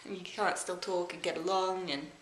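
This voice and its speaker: A young Australian woman rambling reflectively into a personal vlog, halting often with fillers as she thinks aloud. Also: fairly low pitch, little pitch movement. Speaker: vlogger. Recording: echoey room with faint background noise.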